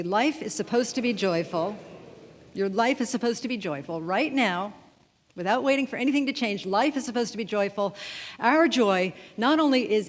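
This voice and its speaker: Chatty woman minister in an echoing church. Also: medium pitch. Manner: playful, chatty, asks the congregation questions and laughs often. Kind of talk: sermon. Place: church sanctuary. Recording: long reverb of a hall.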